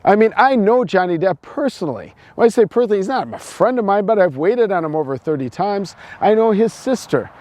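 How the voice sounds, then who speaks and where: High-voiced preachy American man. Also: very animated, fairly quick, hardly any pauses, a little mellow. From United States. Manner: repetitive, preachy, stumbling restarts. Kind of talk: opinion monologue.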